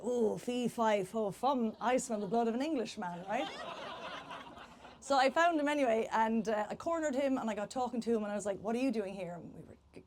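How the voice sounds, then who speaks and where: A woman's voice: a little high, a little mellow. A young Irish woman with an Irish accent, telling a comic dating story live on stage in a chatty, self-deprecating way. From Ireland.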